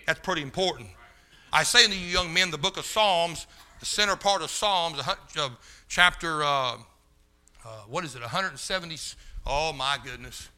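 A man preaching a sermon in a fervent, folksy way, talking straight to the room and rising to shouts. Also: a little high, moderate pace. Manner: loses his place, talks to the room.

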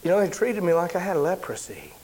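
A man preaching, telling a personal story in a sermon, animated and shouting at the big moments. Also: fairly quick. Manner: animated storyteller, shouts at high points, drops low and quiet when somber.

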